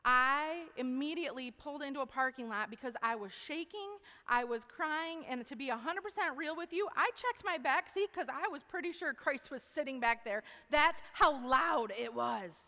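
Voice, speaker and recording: A woman giving an animated testimony talk to an audience, folksy, calling them y'all. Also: sits high, normal speed, hardly any pauses. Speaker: speaker at a university event. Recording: long hall reverb.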